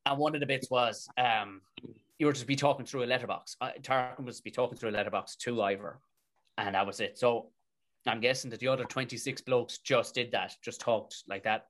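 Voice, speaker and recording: A mid-pitched man from Tipperary speaks with a broad Irish accent in a relaxed interview. He tells his story loosely, swearing often and circling back over half-finished phrases with lively energy. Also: brisk. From Tipperary, Ireland. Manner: swears freely, rambling with restarts, animated. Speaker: guest, comedic actor.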